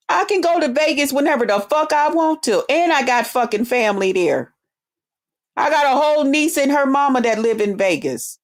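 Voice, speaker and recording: A woman hosting her own stream, delivering an angry, profane rant that taunts a rival. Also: high-pitched. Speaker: online streamer.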